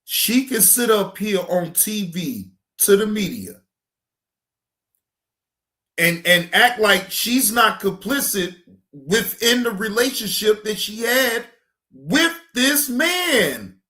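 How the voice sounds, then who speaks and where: A man hosting a reaction show, talking in a loud, profane, exclamatory way, often stammering and restarting. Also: high voice, big pitch swings, slow pace. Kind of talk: casual reaction commentary.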